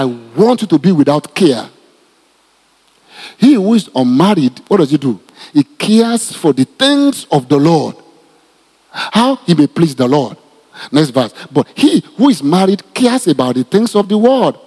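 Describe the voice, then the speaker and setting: Teaching from the Bible, this pastor has a Nigerian accent and a mellow, faintly husky voice on the higher side. He's animated, goes over points repeatedly, and throws jokes to the crowd, all ringing with the lengthy reverb of a church hall.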